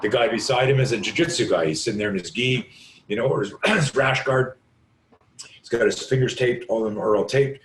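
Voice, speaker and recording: Hoarse man telling a vivid story. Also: medium pitch, brisk, echoey room. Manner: vivid, profane, acts out quoted voices. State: raw, hoarse voice. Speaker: self-defense instructor, podcast guest. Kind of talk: animated storytelling in conversation.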